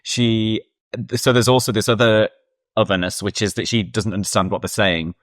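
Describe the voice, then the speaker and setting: A person co-hosting a podcast, talking through a horror film in a reflective, casual way. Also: male voice, on the low side, moderate pace, no echo, studio quality. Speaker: podcast co-host.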